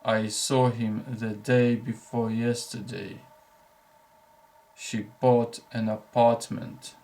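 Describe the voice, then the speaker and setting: A male English teacher, a native Russian speaker, reading short example sentences for learners slowly and deliberately, with clear breaks between sentences. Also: medium pitch, flat delivery, dark tone.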